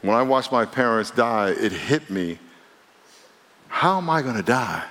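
A man preaching a sermon as pastor, lively and emphatic, moving from loud declarations to quiet asides. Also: medium pitch, unhurried. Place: church sanctuary. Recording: reverberant church hall.

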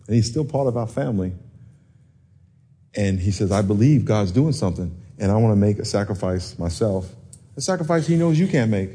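Husky-voiced preacher who swings to yelling. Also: male voice, medium pitch. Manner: preachy, swings from soft to yelling, laughs between lines. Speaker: pastor. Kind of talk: sermon.

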